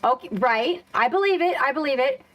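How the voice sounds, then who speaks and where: A woman's voice: sits high, lively intonation, a little fast, a bit bright. A woman hosting a casual live stream, chatting loosely with viewers, swearing freely and reacting to the chat.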